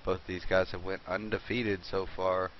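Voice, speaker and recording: A man with a very low, deep voice calls a live esports match in a laid-back, easily amused way. The stream audio sounds dull and lo-fi, with a faint hiss underneath. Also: little pitch movement, normal speed. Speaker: esports caster and host.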